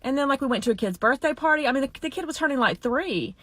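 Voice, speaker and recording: A woman's voice: high-pitched, lively intonation, fast, fairly bright tone, no echo. A woman vlogging casually, brash and joking with emphatic asides. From southern United States. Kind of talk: casual comic vlog.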